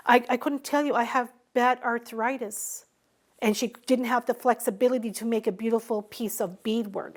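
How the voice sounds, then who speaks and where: Woman telling stories with a fairly high voice. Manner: warm, unhurried storytelling, acting out quoted dialogue. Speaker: Mi'kmaw craft teacher and guest speaker. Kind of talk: storytelling in a recorded conversation.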